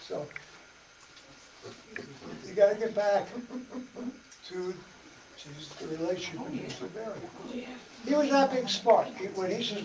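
A man's voice: high-pitched, normal speed, pauses often, darkish tone. A man giving a folksy church study-group talk, chatting and acting out dialogue with laughs. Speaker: parish presenter. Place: church meeting room. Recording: echoey church hall from far off, faint hiss.

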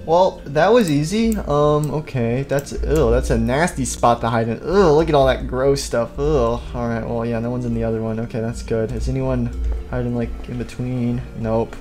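A man's voice: medium pitch, moderate pace, a little mellow, soft background music. A man rambling to himself as he searches around during a game roleplay. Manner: rambling, talks to himself while playing. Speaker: roleplay creator and seeker.

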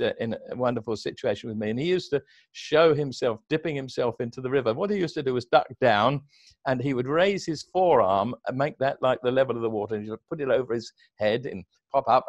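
A man's voice: medium pitch, a little fast, no room sound, lo-fi sound. A man leading an online service, retelling a Bible story in conversation and acting out the characters' words. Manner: storytelling, acts out characters' lines with raised voice.

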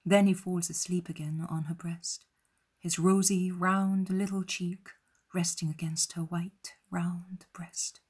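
A woman narrating an audiobook in a soft, breathy, near-whispered reading. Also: on the low side, level tone, takes it slowly. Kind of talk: scripted narration.

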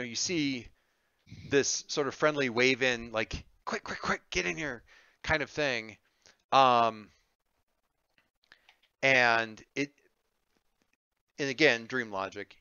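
Rambling bright-voiced male game master. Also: fairly low pitch, smooth, dry recording, highs cut off. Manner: rambling, frequent ums and restarts, easygoing. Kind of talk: narrating a tabletop game.

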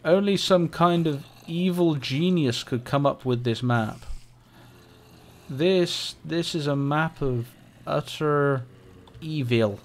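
A man narrating his gameplay in an unhurried, drawn-out way, talking to the monsters on screen as if they were friends. He giggles often and lets out sudden high yelps when things go wrong. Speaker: gameplay commentator. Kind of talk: casual let's-play commentary.

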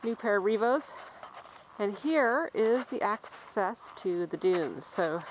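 A woman vlogger films her hike on a forest and dune trail, talking slowly at a medium pitch while panting and calling to her dogs. The handheld camcorder mic gives low-quality outdoor audio with steady background noise. It's casual, chatty hiking vlog narration.

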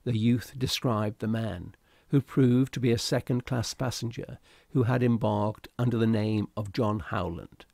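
A man reading a classic short story aloud in a steady, deliberate storytelling manner. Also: on the low side, vocal fry, no echo. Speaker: reader. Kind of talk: audiobook narration of a classic story.

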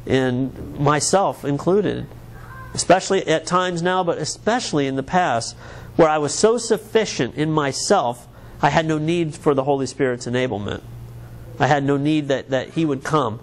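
A man's voice: on the high side, normal speed. A man from the United States, a pastor preaching a sermon in an earnest, conversational way, often restarting his words.

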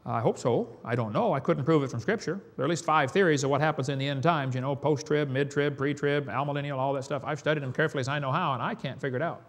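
A man's voice: a little high, fast talker, hardly any pauses. A man preaching a sermon, telling folksy stories with chuckles.

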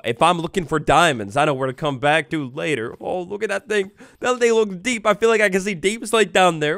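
Excitable man with a lively high voice. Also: fast talker, soft background music. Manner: excitable, jokey, theatrical mock outrage. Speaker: Minecraft let's play host. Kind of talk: upbeat gameplay commentary.

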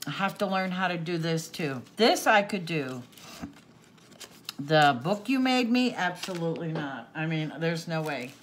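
A woman with a voice of ordinary pitch, tearful and sniffling as she unwraps presents off camera. She talks slowly to her viewers, gasping and laughing with delight. Faint paper crinkling sounds behind her. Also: a little hiss or hum. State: teary, sniffling from crying. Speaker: crafting channel host. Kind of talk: unboxing happy mail, chatting to viewers off camera.

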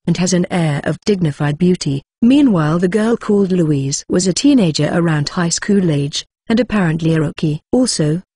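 A narrator reading a first-person novel aloud in a plain, even storytelling manner with brief personal asides. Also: mid-range voice, breathy edge, no room sound, studio quality. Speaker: audiobook narrator.

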